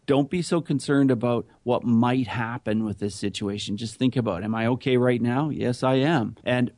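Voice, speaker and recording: A man's voice: medium pitch, normal speed, darkish tone, no echo, studio quality. A middle-aged man telling his story earnestly in a conversational interview. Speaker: guest, anti-bullying speaker.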